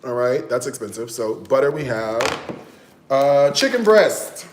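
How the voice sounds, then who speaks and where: A man's voice: mid-range voice, sing-song, unhurried, background noise. A man chatting casually on a cooking livestream, drawling and checking in with "okay?" and "y'all" as he shows off his groceries. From United States. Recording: echoey room.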